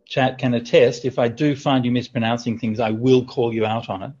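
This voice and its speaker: A man teaching as a Buddhist monk over a video call, his voice a little husky and breathy. He talks in a relaxed, chatty way, with fillers and gentle jokes. The audio is dull and lo-fi. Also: medium pitch, moderate pace. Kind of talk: online teaching Q&A.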